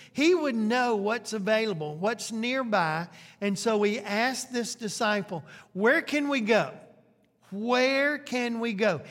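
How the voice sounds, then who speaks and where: Male pastor, slow deliberate sermon delivery, high voice, long hall reverb. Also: fairly bright tone. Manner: preaching with questions to the congregation.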